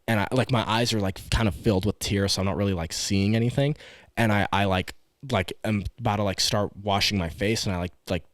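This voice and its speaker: A man's voice: lowish voice, no room sound, studio quality. A young man co-hosting a podcast, telling a story in a rambling casual way full of "like" and swearing. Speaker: podcast co-host.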